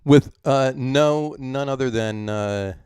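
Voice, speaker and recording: A man's voice: mid-range voice, takes it slowly, a little mellow, smooth, no echo, clean studio sound. A man co-hosting a casual live beer show, joking and tripping over his words. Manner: jokey, stumbles over words. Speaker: podcast co-host. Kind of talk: casual chat.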